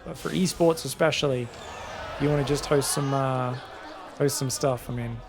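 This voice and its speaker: Gravelly-voiced man casting a game. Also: medium pitch, crowd noise, noisy background. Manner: excitable, quick play-by-play with casual asides to viewers. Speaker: esports caster. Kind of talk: solo game commentary and chat reading.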